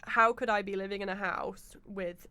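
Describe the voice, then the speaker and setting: A young woman chatting as a podcast guest, telling lively stories full of fillers and acted-out quotes. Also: medium pitch, normal speed, no room sound. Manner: animated storyteller, acts out quotes with many fillers. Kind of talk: casual chat.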